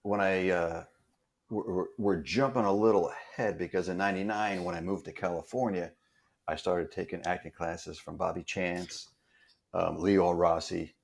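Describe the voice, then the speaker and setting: A man, a stunt performer appearing as a guest, tells a story in a casual way, often pausing and repeating words as he goes. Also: low-pitched, fairly even intonation, gravelly. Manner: halting, repeats words while recounting. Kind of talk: casual anecdote telling.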